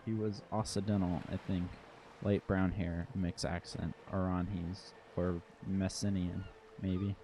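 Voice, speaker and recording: Man reads diplomatic female liaison, composed and guarded; deep, dark, flat delivery. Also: a little slow, slight background noise. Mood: measured.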